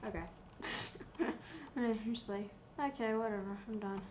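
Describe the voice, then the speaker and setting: Playful woman narrating her gameplay slowly. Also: mid-range voice, darkish tone, muffled recording, slight background noise. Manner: playful, giggly, reads menu items aloud. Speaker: gameplay streamer. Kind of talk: casual gameplay commentary.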